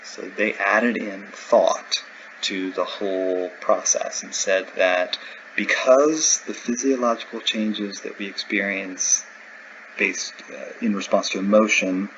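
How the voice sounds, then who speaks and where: A man's voice: lowish voice, fairly even intonation, takes it slowly, fairly bright tone, muffled recording, slight background noise. A man teaching a recorded lecture, explaining in a conversational way with everyday examples. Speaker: instructor.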